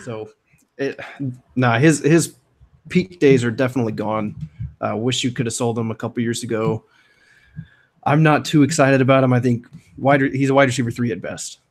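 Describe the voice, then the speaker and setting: A man's voice: medium pitch, fairly even intonation, normal speed, long pauses. Blunt man talking fantasy picks. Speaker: podcast co-host. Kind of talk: casual sports chat.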